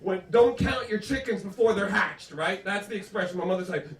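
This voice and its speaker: A man's voice: high voice, brisk, far from the mic. A man doing a stand-up comedy set, working the crowd with punchy, profane storytelling. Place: comedy club stage. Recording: roomy live club sound from off-mic.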